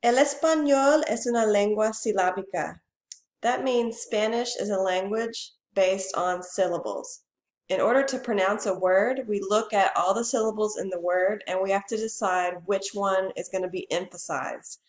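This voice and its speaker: A woman teacher gives a slow, clear bilingual lesson, saying each Spanish phrase first and then the English. Her voice sits at a middle pitch and carries a roomy echo.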